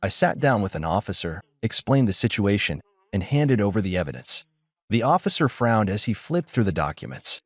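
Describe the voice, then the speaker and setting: A man narrating a dramatic first-person story in a cool, measured, dryly triumphant way. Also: lowish voice, very animated, dry recording, clean studio sound.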